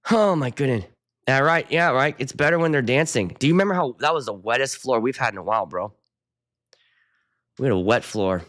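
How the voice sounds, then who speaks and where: A man's voice: medium pitch, animated, fairly quick, fairly bright tone. A middle-aged man, a wedding DJ hosting his own show, ranting casually and profanely while chatting with viewers. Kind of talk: casual ranting livestream chat.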